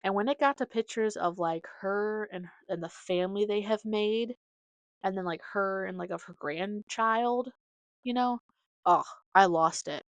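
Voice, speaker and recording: A woman's voice: medium pitch, unhurried, no echo. A young adult woman hosting her own podcast, telling stories in a casual, rambling way full of fillers. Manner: rambling, filler-heavy storytelling. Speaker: podcast host. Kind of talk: casual chat.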